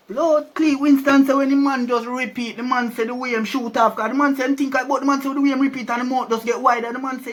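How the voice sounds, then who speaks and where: Jamaican male storyteller, high pitched, loose and conversational. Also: fairly even intonation, quick pace, few pauses. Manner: chatty, keeps asking "you see me?". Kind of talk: casual storytelling.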